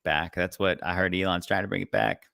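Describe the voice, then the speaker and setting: A man's voice: sits low, fairly even intonation, fairly quick, gravelly, bright, forceful tone, dry recording, clean studio sound. A young man co-hosting a podcast, chatting casually, telling stories and swearing freely. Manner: loose, swearing, storytelling banter. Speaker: podcast co-host.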